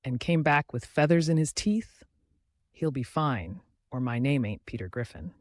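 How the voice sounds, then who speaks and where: A man's voice: mid-range voice, expressive, moderate pace, no echo, lightly acted. A man voicing a boastful, dim-witted cartoon dad who talks in a brash, dismissive, jokey way. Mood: careless.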